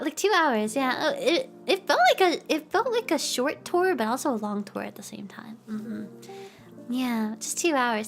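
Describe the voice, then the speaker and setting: A young woman hosting a casual livestream chat, bubbly and giggly, with a playful way of talking. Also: high voice. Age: young adult. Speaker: streamer host.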